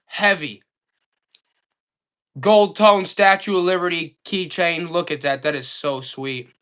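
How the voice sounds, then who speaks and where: A man's voice: sits high, takes it slowly, smooth. A man selling items on a live auction stream, hyping each piece and talking to his viewers. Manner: excited hype salesman talk.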